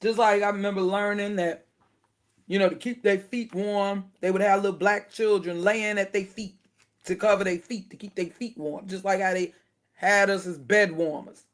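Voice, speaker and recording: A woman's voice: medium pitch, moderate pace. Indignant woman in casual commentary. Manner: indignant and animated, laughing between points. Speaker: video commentator.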